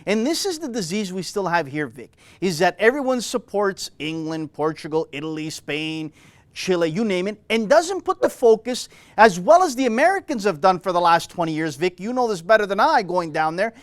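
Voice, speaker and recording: A man's voice: high voice, animated, moderate pace, no echo. A man from Canada hosting a talk show, speaking with passionate, emphatic opinions. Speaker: host. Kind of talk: casual conversation.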